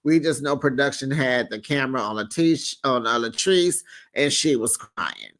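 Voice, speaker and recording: A man hosting a casual reality TV recap, telling the story in an animated, sassy way and acting out the quotes. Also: medium pitch, normal speed. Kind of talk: casual gossip recap commentary.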